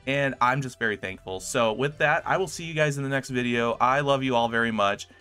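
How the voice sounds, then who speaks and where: A man with a bright, clear voice hosts his own gaming video, talking through the results in a relaxed, chatty way. He sounds upbeat and enthusiastic, with soft music playing behind him. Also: mid-range voice, a little fast. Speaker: gaming YouTuber. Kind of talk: casual gameplay commentary.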